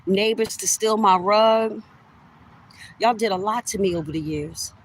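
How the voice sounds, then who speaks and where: A woman's voice: mid-range voice, a little slow, rough recording. A middle-aged woman ranting straight to camera in an accusatory, heated way, repeating herself for emphasis and addressing listeners as y'all. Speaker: vlogger. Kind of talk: direct-to-camera rant.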